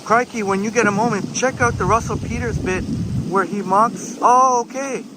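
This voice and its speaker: A man with a high voice strolls through a busy downtown street on a live stream, reading viewer comments aloud and answering them in an easygoing, chatty way. He laughs often. Loud traffic and city sounds fill the background of the phone recording. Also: moderate pace. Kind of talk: casual walking live stream.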